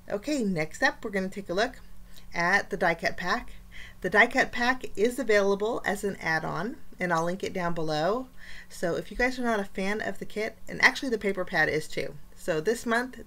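A woman's voice: lowish voice, fairly bright tone. A woman hosting a casual craft unboxing, chatty and enthusiastic, with frequent fillers. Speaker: craft channel host.

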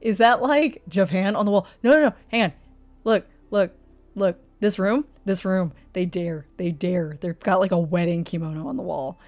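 At a moderate pace, a woman with a fairly low, slightly mellow voice streams live reactions to house listings. Exasperated in a mock-outraged way, she curses, laughs frequently and keeps asking rhetorical questions.

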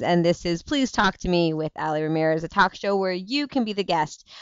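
A woman's voice: on the low side, clear, resonant tone, no echo. A woman in her thirties hosting a casual talk show livestream, chatty and rambling, tired and burnt out. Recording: dull lo-fi stream audio.

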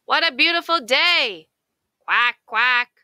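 A woman voicing a loud, cheerful female duck who keeps quacking and shouting in a storybook. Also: medium pitch, flat delivery, very slow, clean tone, no echo, clean studio sound, heavily acted. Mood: delighted.

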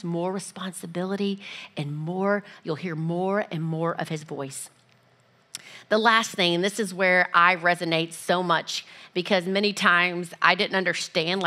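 A woman giving a casual, lively church teaching, often acting out little voices and dialogues. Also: mid-range voice.

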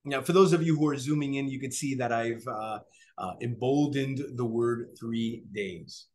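A man teaching a Bible study in an animated way. He keeps checking in with his listeners and acts out what people would say. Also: medium pitch, moderate pace, slight background noise. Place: online class, remote listeners.

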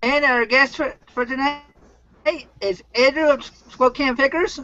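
Host, male, very high and bright voice, plain interviewer, dry muffled call line. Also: steady tone, a little slow. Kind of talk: live-stream interview. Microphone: computer mic on an online call.

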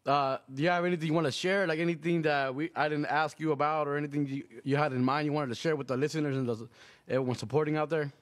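Relaxed man hosting a radio show, casual chat, voice sits a little high. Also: quick pace. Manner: laid-back, laughs often, gives shout-outs. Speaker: show host.

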